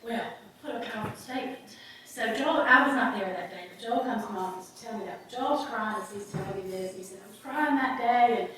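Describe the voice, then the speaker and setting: A woman's voice: mid-range voice, fairly quick, a bit bright, slight background noise. Brief: woman, earnest folksy storyteller, mic far off in a very echoey hall. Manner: earnest, folksy, frequent ums. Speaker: guest speaker on a volunteer advocate program. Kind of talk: storytelling talk to a club meeting.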